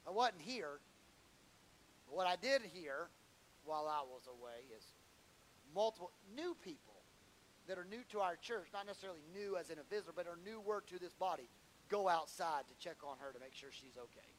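A man preaching a sermon as pastor, in a conversational storytelling way that climbs louder and higher as he gets moved. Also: expressive, fairly quick, slight background noise, low-quality recording. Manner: conversational storytelling, rising in pitch and volume as he grows emotional.

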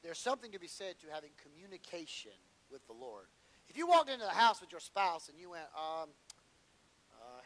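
A man's voice: fairly high pitch, very animated, a little fast, a bit bright, rough recording. A man preaching a sermon, acting out whiny prayers and bits of dialogue for humor.

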